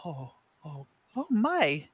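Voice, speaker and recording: Brief: a high, squeaky young fox boy, kind and fretful, as a man puts him on, stammers out exclamations. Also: huge pitch swings, measured pace, bright, forceful tone, full character voice. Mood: startled.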